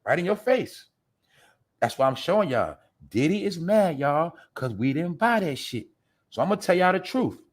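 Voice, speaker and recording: A man hosting an opinionated live-stream commentary, ranting and talking straight to his chat. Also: high-pitched. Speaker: commentary show host.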